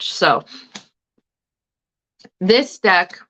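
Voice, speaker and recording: A woman's voice: mid-range voice, a little slow, a bit bright, low-quality recording. A woman hosting a tarot livestream, chatting casually and swearing freely while she snacks between thoughts.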